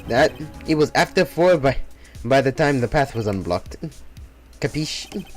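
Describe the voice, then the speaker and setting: A man's voice: mid-range voice, lively intonation, unhurried, faint music behind, natural voice. A man voicing a brusque middle-aged female TV producer, with terse, clipped lines and a loose attempt at an Italian accent.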